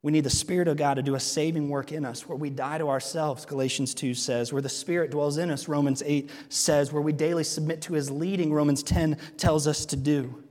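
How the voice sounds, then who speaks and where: A man's voice: fairly high pitch, steady tone, brisk, few pauses, a little mellow, big-room sound. A man preaching a sermon in a church sanctuary, earnest and asking the congregation rhetorical questions. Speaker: pastor.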